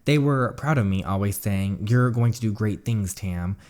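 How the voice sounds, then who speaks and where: A driven, proud teenage schoolgirl from a story game, read by a man in his own lowish voice. The reading is plain and steady, with little put-on character. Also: normal speed, natural voice. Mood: earnest. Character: ambitious teenage girl student, proud.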